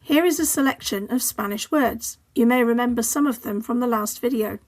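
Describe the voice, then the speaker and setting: A woman with an English accent, a languages teacher narrating a scripted lesson in a clear, measured way and carefully modelling example words. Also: on the high side.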